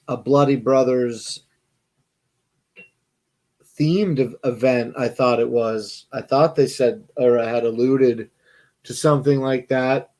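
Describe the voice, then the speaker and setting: Man, sleepy, casual profane chat, mid pitch. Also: a little mellow. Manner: profane, laid-back, yawning. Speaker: podcast co-host.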